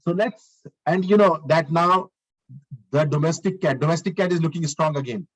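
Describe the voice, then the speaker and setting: A man's voice: a little high, normal speed, rough recording. A male lecturer giving a live online coding lesson. He talks through each step as he works, repeats his phrases and asks the class questions.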